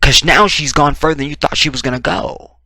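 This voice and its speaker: Guy ranting through a crime case, blunt and emphatic, real bright voice, dry sound. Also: on the high side, a little fast, vocal fry, no echo. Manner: emphatic, animated, blunt and profane. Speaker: commentary vlogger. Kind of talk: opinionated true-crime commentary.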